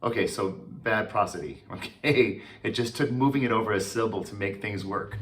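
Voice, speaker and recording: A man, a choral conductor, giving a relaxed and chatty talk, with many fillers and restarts. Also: fairly low pitch, moderate pace, slight background noise. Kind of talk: informal talk.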